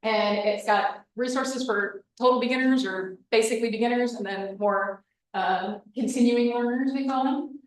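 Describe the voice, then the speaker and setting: A woman presenting a casual workshop, chatty and animated, acting out quoted reactions as she explains things. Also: a little high, moderate pace. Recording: echoey room, mic from far off.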